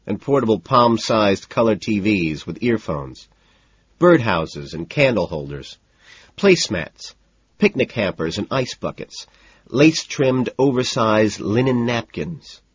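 A man's voice: fairly low pitch, breathy edge, dry recording, muffled recording. A man reading a first-person story aloud in a cool, detached way, rattling off long lists in scripted narration. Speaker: audiobook narrator.

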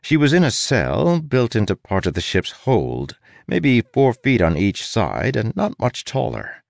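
Male audiobook narrator, deep voice, playful and wry, dry booth sound. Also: huge pitch swings, measured pace, gravelly, no echo. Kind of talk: scripted narration.

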